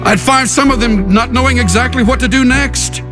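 A man's voice: very high voice, moderate pace, music in the background. A man preaching a sermon dramatically to a congregation, leading them in call and response. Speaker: pastor.

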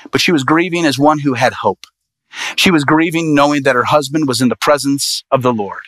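A man, an evangelist, telling a personal story in a sermon with lively, animated delivery. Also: mid-range voice, fairly quick, no room sound. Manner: animated, lively storyteller voicing quoted people.

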